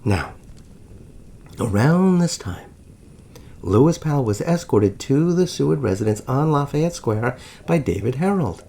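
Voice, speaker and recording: A man telling a historical story as scripted narration, with dramatic pacing and drawn-out suspense pauses. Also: medium pitch, mellow. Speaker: history channel host.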